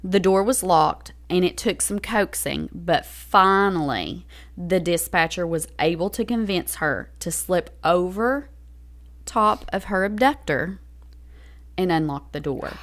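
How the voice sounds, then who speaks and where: Woman, podcast host, scripted true crime narration, slightly low voice. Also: expressive, a bit bright. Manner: reads a script, pauses to explain.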